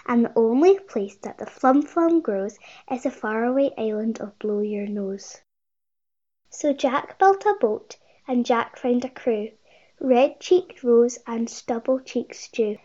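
A woman reading a rhyming children's picture book aloud, with a lively sing-song delivery and bigger voices for the characters. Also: on the high side, measured pace, lo-fi sound. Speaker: storybook reader.

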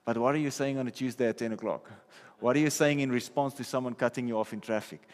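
A man's voice: mid-range voice, steady tone, fast. Man preaching in a reverberant hall. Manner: conversational, checks in with listeners often. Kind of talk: sermon. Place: church hall.

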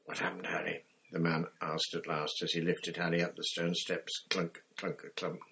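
Deep, low-pitched man reading a novel aloud, measured and steady. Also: a little hiss or hum. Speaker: audiobook narrator. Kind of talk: scripted narration.

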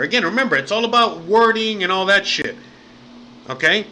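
Male livestream host, slightly high and very bright voice, loose and profane delivery. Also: animated, normal speed, slight background noise. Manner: rambling and profane, says bro and man often. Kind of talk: casual livestream chat.

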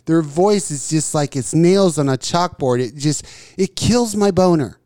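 A man with a notably high voice tears into celebrities with loud, profane, emphatic rants. He sounds close and dry, as on a small studio mic. His delivery is casual banter on a crude talk show. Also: lively intonation, a little slow, dry recording. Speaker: podcast co-host. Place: small studio with desk mics.

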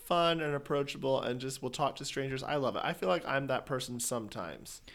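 A man chatting casually, reacting with quick, playful teasing remarks. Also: medium pitch, a bit bright. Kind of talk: casual chat.

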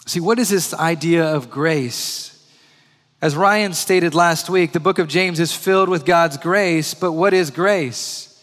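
Male preacher, fairly high voice, storytelling sermon, repeats key lines slowly; long church reverb. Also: a bit bright. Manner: slows and repeats key phrases for emphasis.

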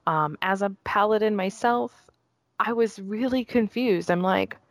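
A woman's voice: medium pitch, dry recording. A woman guest in casual chat, gushing emotionally about a trailer. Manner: gushing and emotional, quick bursts. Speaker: guest discussing a game trailer.

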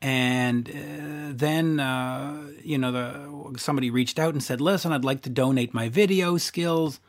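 A man hosting a casual interview, chatty and relaxed, swearing now and then. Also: mid-range voice, a little slow. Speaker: podcast host.

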